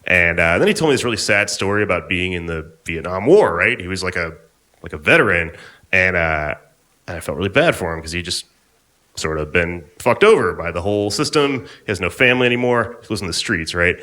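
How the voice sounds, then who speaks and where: A man's voice: low voice, animated, brisk, bright, forceful tone. A young man doing a stand-up comedy set on stage at a live venue, talking in a laid-back, rambling, offhand way.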